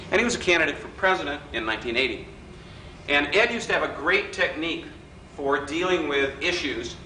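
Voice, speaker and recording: A man's voice: a little high, pushed and bright. A man giving a workshop talk to an audience, teasing and joking, acting out quotes in his stories. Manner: joking, teasing, acts out quoted voices in anecdotes. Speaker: workshop speaker. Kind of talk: political persuasion workshop talk. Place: hotel function room with live audience. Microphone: distant room recording. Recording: echoey hall recorded from a distance, faint hiss.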